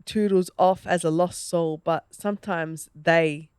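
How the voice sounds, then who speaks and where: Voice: medium pitch, unhurried, clear, resonant tone, no echo, studio quality. A podcast host reflecting on a film in casual talk, acting out quotes and often checking in with "you know?". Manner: animated, acts out quotes, asks "you know?".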